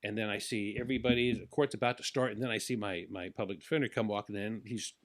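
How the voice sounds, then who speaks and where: A man telling a long personal story in casual talk, animated and acting out the people in it. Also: lowish voice, fast talker. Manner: animated, acts out the people in his stories.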